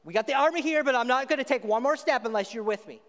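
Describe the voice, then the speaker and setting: A man playing stubborn reluctant army commander, insistent, high-pitched, reverb. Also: fast, a bit bright. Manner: insistent refusing.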